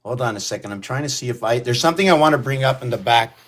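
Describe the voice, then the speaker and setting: Man, mid-pitched voice, rambling monologue, stream of consciousness, restarts and asides. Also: animated, racing, fairly bright tone. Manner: talks in a coaxing way to his cat. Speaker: video creator. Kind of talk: rambling solo monologue to camera.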